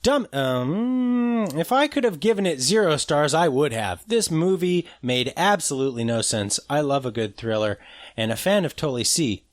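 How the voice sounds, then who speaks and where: A man's voice: moderate pace, dry recording, clean studio sound. A man hosting a horror podcast, chatting casually and joking as he plays voicemails. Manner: animated, joking, swings in pitch. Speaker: podcast host.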